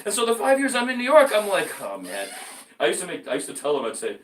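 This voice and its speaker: A man telling stories in a casual conversation, animated and emphatic, swearing freely and often jumping up in pitch. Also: fast talker, distant mic, slight background noise. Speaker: podcast guest. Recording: echoey room, off-mic, faint music.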